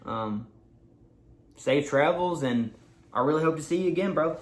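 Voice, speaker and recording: A man telling an excited, swear-filled story to the camera in a casual vlog. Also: on the high side, normal speed. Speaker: vlogger.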